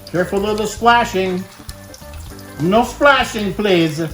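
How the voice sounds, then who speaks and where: A man's voice: sits high, slow pace. Man, cooking show host, casual and talkative, talks to the viewer, Italian food words, guitar music behind.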